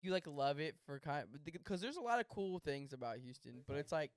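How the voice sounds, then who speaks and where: Young man, podcast co-host, fairly high voice, smooth tone, laid-back, slangy and sweary. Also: lively intonation, a little fast, dry recording, studio quality. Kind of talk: casual podcast chat.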